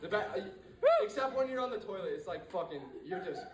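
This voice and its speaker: High-voiced teenage male stand-up comic. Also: lively intonation, a little fast, a loud crowd. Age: teens. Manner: rambling, full of fillers and restarts. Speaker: stand-up comedian. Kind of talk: stand-up set. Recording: echoey room, mic far off.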